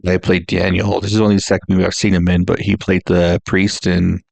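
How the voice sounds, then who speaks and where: A man's voice: sits low, monotone, brisk, vocal fry, darkish tone. A man co-hosting a casual movie podcast, telling stories in an easygoing way. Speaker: podcast co-host.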